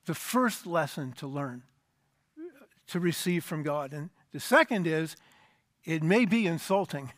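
A man preaching a sermon, explaining a scripture passage emphatically and dropping to a low, quiet voice at the end of phrases. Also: dry recording, studio quality.

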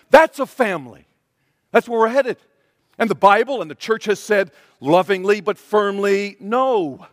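A pastor delivers a sermon in a high, lifted voice, earnest and emphatic, driving points home by repeating key phrases. The mic sound is close and dry, but a long reverb trails after it, as though filling a large hall.

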